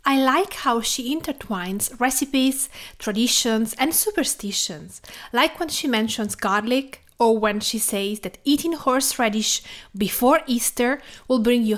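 Higher-voiced Italian woman podcast host. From Tuscany, Italy. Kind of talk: podcast intro and casual interview chat.

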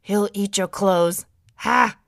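A raspy old barn keeper, kindly and jolly, drawls his words slowly in a children's storybook reading, as a woman puts him on. The recording is dry and close. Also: medium pitch, no room sound.

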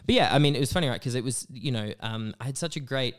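Australian male podcast co-host, rapid and lively delivery. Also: medium pitch. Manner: animated, mimics others in quick asides. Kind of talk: casual chat.

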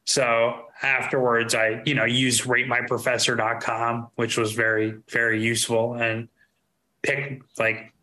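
Bright-voiced man chatting casually. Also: medium pitch, unhurried, poor audio. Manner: relaxed, rambling, full of fillers. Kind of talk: casual chat.

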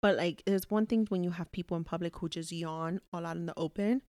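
A woman's voice: lowish voice, fairly even intonation, fairly quick, a little mellow, no echo, studio quality. A young woman co-hosting a podcast, talking frankly and swearing freely in casual chat. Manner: frank, profane, laughing. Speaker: podcast co-host.

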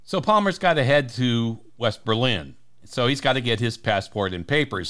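A man's voice: mid-range voice, bright, forceful tone. A man co-hosting a podcast, casually retelling movie scenes and laughing often as he talks. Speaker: podcast co-host. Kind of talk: casual film discussion chat.

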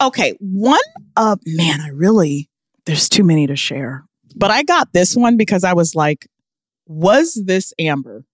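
A woman's voice: lowish voice, animated, moderate pace, no room sound, studio quality. A woman co-hosting a podcast in casual chat, blunt and exasperated, laughing often. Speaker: podcast co-host.

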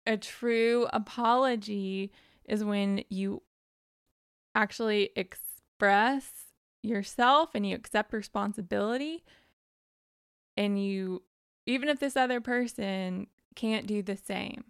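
A woman's voice: medium pitch, takes it slowly, clear, resonant tone, no echo, studio quality. A woman giving casual, direct advice and counting off numbered points in a frank way.

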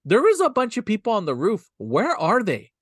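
A man's voice: high voice, wildly swooping pitch, normal speed, dry recording, clean studio sound. A man co-hosting a podcast, chatting casually and profanely about an old movie, laughing and acting out the lines. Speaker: podcast co-host.

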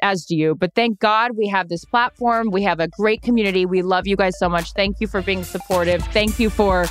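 A woman's voice: mid-range voice, steady tone, a little fast, soft background music. A woman co-hosting a podcast, ranting passionately and swearing in casual chat. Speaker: podcast co-host.

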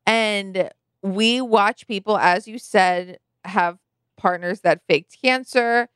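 A woman co-hosting a casual podcast, talking in a measured way with hesitant restarts. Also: mid-range voice, a bit bright, smooth, dry recording, clean studio sound. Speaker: podcast co-host. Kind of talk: casual chat.

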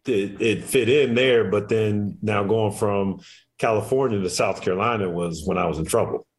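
A man in his forties, a former athlete, talking in a relaxed, rambling, reflective way as a radio show guest. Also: on the low side, normal speed. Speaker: guest, former basketball player and coach. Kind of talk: casual interview chat.

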